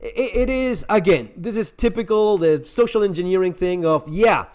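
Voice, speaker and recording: A survival-channel host with a high, expressive, slightly mellow voice rants to camera at a moderate pace. His commentary is blunt and sarcastic, full of swearing, and he keeps restarting his sentences.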